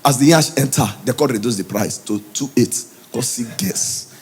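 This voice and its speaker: A Nigerian man doing stand-up comedy in Pidgin English, telling stories in an animated way. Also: medium pitch, normal speed, breathy edge. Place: comedy stage before a live audience.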